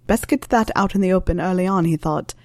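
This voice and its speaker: A woman narrating a story in a calm, even reading voice. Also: on the low side, a little fast, no room sound, clean studio sound.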